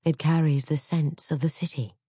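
A woman's voice: low voice, fairly even intonation, moderate pace, mellow, husky, no room sound, clean studio sound. A woman voicing a strong, ample mother sister who speaks in a soothing, reassuring way in a storybook reading.

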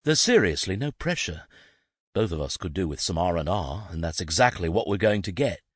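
A man's voice: low-pitched, sing-song, brisk, slightly rough, dry recording, studio quality, heavily acted. A man voicing a confident, wry male detective who reassures his nervous friend. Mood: reassuring.

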